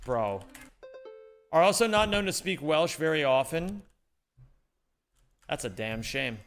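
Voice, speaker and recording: A young man streams and jokes with his chat, his voice bouncing all over the place in animated, rambling banter. He sits a touch higher than most men, and faint game music hums underneath him. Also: slow. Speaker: livestreamer. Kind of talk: casual chat with viewers during a gaming stream.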